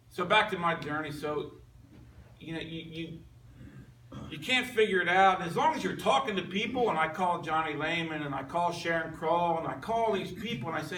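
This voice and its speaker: A man's voice: fairly high pitch, animated, moderate pace, fairly bright tone, far from the mic, a little hiss or hum. A man in his fifties giving an earnest, conversational personal testimony to a men's group, with frequent restarts. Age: 50s. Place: meeting room with a group. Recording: roomy, off-mic with faint ambience.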